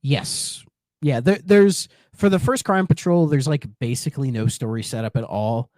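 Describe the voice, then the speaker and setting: With a mid-range, slightly mellow voice at a moderate pace, this podcast co-host rambles through casual chat, restarting often and leaning on fillers. The sound is clean studio audio with no echo.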